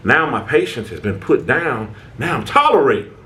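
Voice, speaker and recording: In a mid-range voice with large pitch swings and a sharp tone, a channel host speaks at normal speed about self-help. He sounds casual and American but preachy, frequently stammering, starting over, and checking in with "right?"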